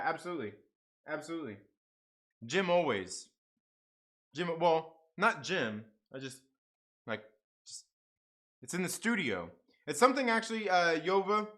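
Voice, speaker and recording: This late-night streamer has a medium-pitched, fairly bright voice and keeps things casual with viewers. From a half Mexican family, he curses and laughs, talking to chat between bites.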